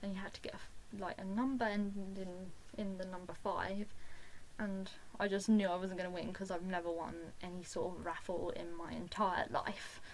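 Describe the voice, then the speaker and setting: Girl vlogging, gushy excitable storytelling, says like a lot, faint hiss behind. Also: fairly low pitch, moderate pace, rough recording. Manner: gushing and excitable, full of "like". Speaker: fan vlogger. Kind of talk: casual storytelling to camera.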